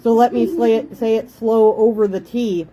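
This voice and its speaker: A woman in her thirties from Canada talks to her viewers from her living room in a relaxed, chatty way. Her voice is warm and mellow, and she sounds like a busy mother who keeps turning aside to tell her children to eat nicely. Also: fairly high pitch, normal speed, low-quality recording. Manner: chatty, motherly, breaks off to scold kids. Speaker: host. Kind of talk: casual home livestream chat.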